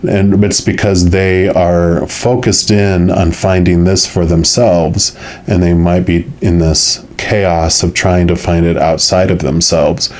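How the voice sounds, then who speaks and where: A low-pitched man talks through a weekly tarot reading for his viewers. His delivery is soft and musing, full of loose phrases that circle back on themselves. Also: little pitch movement, slow pace. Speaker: tarot reader.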